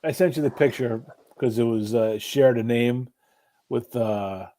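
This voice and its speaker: A man's voice: medium pitch, unhurried, dark tone. A middle-aged man telling stories in casual chat, swearing freely and laughing often.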